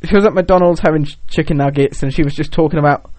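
A man's voice: fairly high pitch, quick pace, a little mellow, no room sound. A young man co-hosting a podcast in casual chat, rambling and joking with many filler words. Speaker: podcast co-host.

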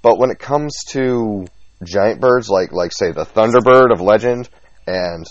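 A man's voice: on the low side, measured pace, no echo. A man co-hosting a podcast in casual chat, teasing his friends and hamming it up. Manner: animated, teasing, mock-dramatic. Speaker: podcast co-host. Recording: dull lo-fi, dry sound.

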